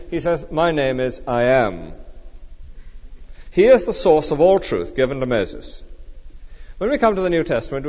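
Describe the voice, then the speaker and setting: A man preaching a sermon, emphatic and measured as he explains a passage verse by verse. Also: on the high side, a little mellow, big-room sound, muffled recording.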